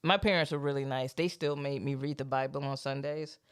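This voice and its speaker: A woman's voice: very deep voice, fairly even intonation, fairly quick, clean tone. A woman hosting a podcast, telling a church story in casual chat, swearing freely and laughing often. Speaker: podcast host.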